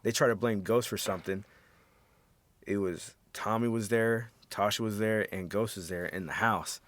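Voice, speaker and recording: A man's voice: lowish voice, steady tone, moderate pace. A man co-hosting a casual podcast, retelling scenes with lots of swearing and acted-out quotes. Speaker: podcast co-host. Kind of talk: casual chat.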